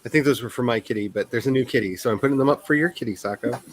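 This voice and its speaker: A man chats casually while hosting a writing livestream. His voice sits in an ordinary middle pitch. He rambles and often laughs at himself. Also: very fast, noisy background. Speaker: author hosting a writing sprint stream.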